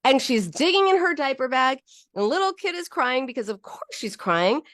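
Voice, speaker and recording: A woman's voice: sits high, normal speed, dry recording, studio quality. A woman psychologist hosting a talk, explaining feelings in a casual teaching monologue and acting out quoted voices. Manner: animated, acts out quoted voices, frequent restarts. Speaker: psychologist and podcast host.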